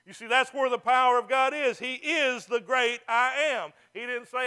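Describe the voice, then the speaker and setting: High bright preacher man. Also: moderate pace, hardly any pauses, clean tone. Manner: folksy, joking, fervent preaching. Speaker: pastor. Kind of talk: sermon. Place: church.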